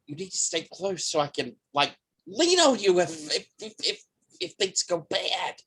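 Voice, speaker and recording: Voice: mid-range voice, very animated, unhurried, a bit bright, breathy edge, voice pushed up, full character voice. Player voicing a nervous, cheerful female angel. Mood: anxious. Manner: hesitant, stammering. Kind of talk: tabletop role-play in character.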